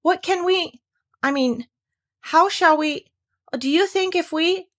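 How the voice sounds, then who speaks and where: A woman voicing a gentle, simple-minded male teddy bear in a storybook, soft and hesitant. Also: mid-range voice, very animated, moderate pace, husky.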